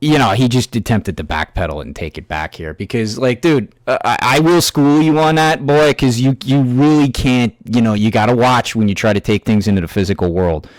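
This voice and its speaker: A man ranting in an angry, heavily profane reaction commentary, with halting restarts and fillers. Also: medium pitch, dry recording. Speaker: YouTube commentator.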